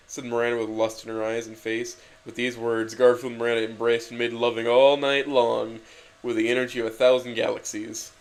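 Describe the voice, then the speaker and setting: A man reading comic fan fiction aloud in an earnest, deadpan way. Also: medium pitch, fairly quick. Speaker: reader.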